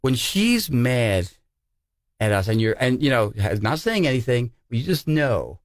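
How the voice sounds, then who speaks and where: A man's voice: mid-range voice, very animated, measured pace, dry recording, studio quality. A man co-hosting a podcast in casual chat, telling anecdotes and acting out the dialogue in them. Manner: tells anecdotes with acted-out dialogue. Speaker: podcast co-host.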